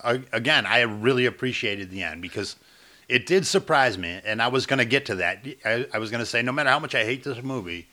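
Blunt, grumbling man with a bright voice. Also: mid-range voice, animated, fairly quick. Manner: blunt and grumbling, swears freely. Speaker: podcast co-host. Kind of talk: casual movie review chat.

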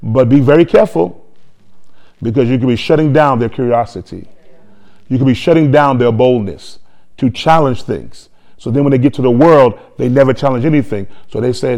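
A man preaching a sermon, telling a story quietly and then building to loud, shouted praise. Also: mid-range voice, fairly quick. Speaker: pastor.

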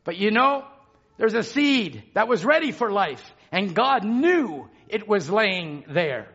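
A man delivers a sermon in a high, unhurried voice, leaning on repeated phrases. He drops to a hush and then rises to shouts. The recording sounds dull and lo-fi. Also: very animated, slightly rough. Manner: emphatic, swings from hushed to shouting. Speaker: preacher.

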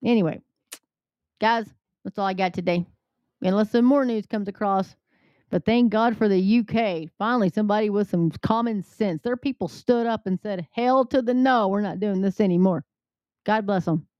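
A woman's voice: medium pitch, normal speed, no room sound. A woman hosting an angry political commentary show, fiery and indignant, swearing and restarting her sentences. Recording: dull dry lo-fi recording.

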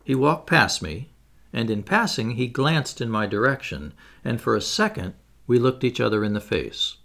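A man reading a classic adventure novel aloud as an audiobook, in an expressive, dramatic way. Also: medium pitch, normal speed, gravelly. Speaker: audiobook narrator.

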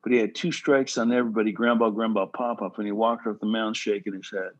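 A man who played pro baseball giving casual, animated advice to pitchers, full of "bro" and "right?". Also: fast talker, lo-fi sound. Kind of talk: casual coaching talk.

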